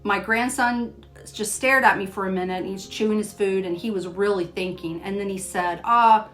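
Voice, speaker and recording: An older woman hosting a Christian devotional show, telling a personal story in a gentle way and reading scripture aloud. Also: mid-range voice, steady tone, normal speed, soft background music. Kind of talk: devotional storytelling and Bible teaching.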